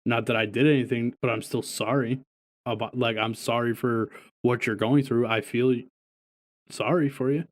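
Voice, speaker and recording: A man's voice: mid-range voice, steady tone, moderate pace. Profane, laughing podcast co-host man. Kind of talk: casual podcast chat.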